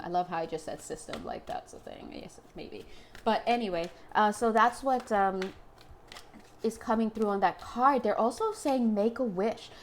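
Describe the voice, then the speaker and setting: A young woman doing a casual tarot reading to camera, chatty and joking, laughing often. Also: mid-range voice. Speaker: tarot reader.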